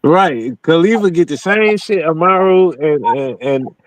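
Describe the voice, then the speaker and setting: A man's voice: a little high, expressive, unhurried, no echo, poor audio. A man co-hosting a podcast, talking in a blunt, slangy, casual way. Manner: blunt, slangy, laughs a lot. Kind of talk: casual chat.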